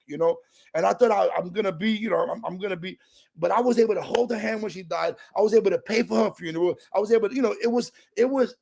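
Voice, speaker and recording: A man's voice: sits high, vocal fry. A middle-aged man, from a Puerto Rican family, telling his recovery story in a streetwise, emotional, casual way. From New York, Puerto Rican family. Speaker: recovery speaker. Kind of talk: personal recovery talk.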